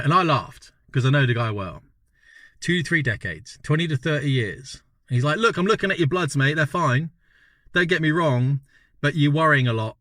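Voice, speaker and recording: A man's voice: mid-range voice, fairly bright tone, no echo, clean studio sound. Chatty British man in his fifties. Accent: British English. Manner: chatty, keeps checking in with "right?" and "you know?". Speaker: vlogger. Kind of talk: casual storytelling to camera.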